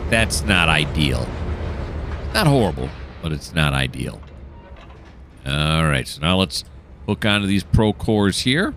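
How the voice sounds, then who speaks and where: Low-voiced jokey man playing a train game. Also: noisy background. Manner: jokey, self-mocking, rambling. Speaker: gameplay commentator. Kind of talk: casual gameplay commentary.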